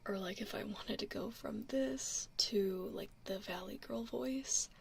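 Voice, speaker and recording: A woman putting on a tomboyish young woman's voice in a whispered role-play, rambling softly with hesitant fillers. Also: mid-range voice, unhurried, creaky, slight background noise, pitched below the performer's own voice. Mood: laid-back. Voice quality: whispery, soft-spoken. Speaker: streamer.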